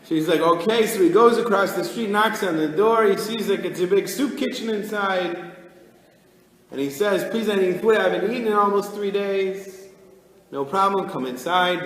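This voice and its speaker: A rabbi giving an animated storytelling Torah class, acting out the people in his tale. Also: on the high side, normal speed. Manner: animated storyteller, acts out characters. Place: study hall. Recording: echoey hall.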